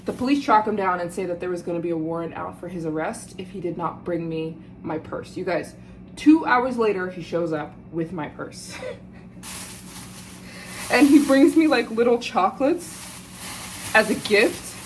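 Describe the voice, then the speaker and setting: An American woman vlogging to her viewers, telling a story in a lively, indignant way and often calling out to "you guys.". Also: on the low side, normal speed, a little hiss or hum, low-quality recording. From United States. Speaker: travel vlogger. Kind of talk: casual storytelling to camera.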